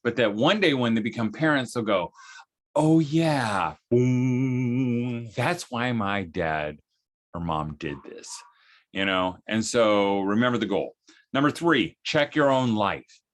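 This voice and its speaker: A middle-aged man giving a casual, animated talk on parenting, acting out quotes from his family in high voices. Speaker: speaker on parenting.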